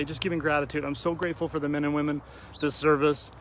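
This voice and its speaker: A man's voice: a little high, flat delivery, fast, a bit bright, a little hiss or hum. A man talking earnestly to his viewers outdoors, emotional and tearful at times. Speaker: vlogger addressing his audience. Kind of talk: heartfelt outdoor vlog talk. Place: outdoors at a cemetery.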